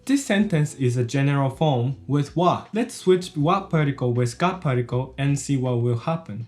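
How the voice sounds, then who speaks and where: Lively male language teacher. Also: medium pitch, moderate pace, hardly any pauses. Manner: explains step by step, repeats each example sentence twice. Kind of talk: explanatory video lesson.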